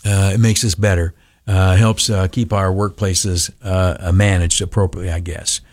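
In clean studio audio without echo, a male radio broadcaster speaks at a moderate pace during an animated motivational talk. He frequently stops on filler uhs and breaks into high, mocking voices.

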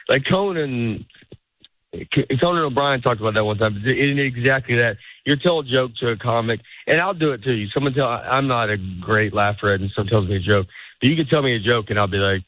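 A man's voice: mid-range voice, normal speed. A middle-aged man talks casually as a comedian guest on a radio show, rambling and restarting his sentences as he acts out what others say. His voice comes through thin and phone-like, with a dry, close sound and no room echo. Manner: rambling, self-interrupting, acts out quotes. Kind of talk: casual interview chat.

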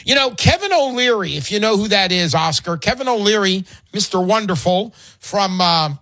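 A man's voice: high-pitched, expressive, moderate pace, pushed and bright, dry recording, clean studio sound. An older man hosting a radio call-in show, chatty and emotional, with lots of fillers and restarts.

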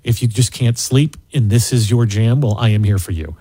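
A man's voice: fairly low pitch, warm tone, rough recording. Man hosting late-night radio. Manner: smooth, measured broadcast delivery with listed phrases. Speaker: radio show host.

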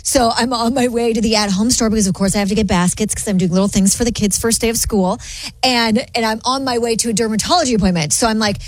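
A woman's voice: a little high, quick pace, no echo. A woman co-hosting a radio show in a studio, telling an everyday story in a chatty tone. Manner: chatty, laughs easily. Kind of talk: casual radio chat, storytelling. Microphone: studio microphone.

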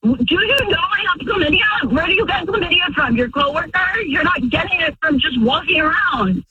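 A woman's voice: very high voice, lively intonation, moderate pace, far from the mic, heavy background noise. A woman on a phone call, angrily confronting her husband as a radio prank plays out. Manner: upset, accusing, shouting at times. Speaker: caller's wife on a radio prank. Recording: muffled phone line.

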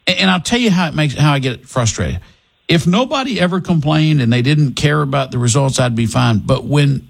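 A man's voice: mid-range voice, gravelly. A middle-aged man hosting a casual radio call-in show, joking and restarting his sentences. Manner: jokey, animated, restarts sentences. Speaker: radio talk show host.

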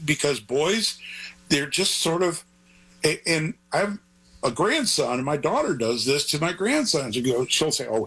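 A man's voice: on the high side, fairly bright tone, slightly rough, poor audio. An older man, a grandfather, talking as an author guest in an interview, rambling and earnest in a digressive way. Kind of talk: conversational interview.

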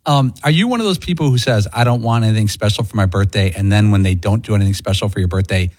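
A man's voice: fairly low pitch, fast, darkish tone, no room sound. A man who is a regular on a radio show, chatting in casual banter as a dry, wry storyteller.

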